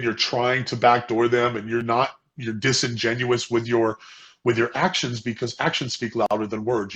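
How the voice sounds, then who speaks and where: A man with a gravelly edge to his voice tells a story on a casual business chat show. His delivery is earnest and heartfelt, and he often repeats words as he goes. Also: medium pitch, a bit bright, dull audio. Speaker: co-host.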